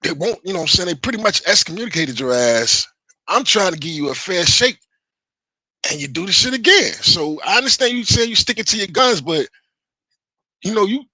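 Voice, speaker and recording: Male streamer, profane, repetitive rant, a bit higher pitch than usual. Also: big pitch swings, fast talker, pushed and bright, dry recording, rough recording. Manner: heated, defensive, profane, repeats himself. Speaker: livestream host. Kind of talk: casual livestream rant to chat.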